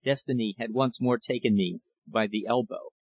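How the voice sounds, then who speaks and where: A man reading a novel aloud as an audiobook narrator, measured and steady. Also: mid-range voice, slightly rough, no echo, dull audio. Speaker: audiobook reader. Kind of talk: scripted narration.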